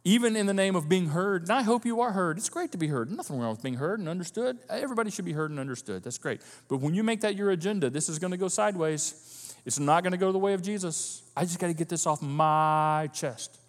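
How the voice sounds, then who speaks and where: A man's voice: sits high, fast talker, big-room sound. A male pastor preaching a sermon, acting out the voices of his listeners as he goes. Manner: animated, acts out quoted voices of listeners. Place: church hall.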